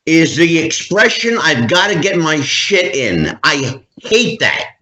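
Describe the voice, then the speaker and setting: A man talks slowly on a podcast and sounds exasperated. His bright voice swings widely in pitch as he vents. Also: very animated, reverberant, a little hiss or hum. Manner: slow, exasperated venting. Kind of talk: casual podcast chat.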